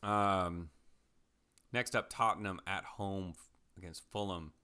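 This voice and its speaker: A man co-hosting a podcast, chatting casually about soccer picks and betting odds, relaxed and rambling with fillers. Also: low voice, slow, clear, resonant tone. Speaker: podcast co-host. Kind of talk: casual sports betting chat.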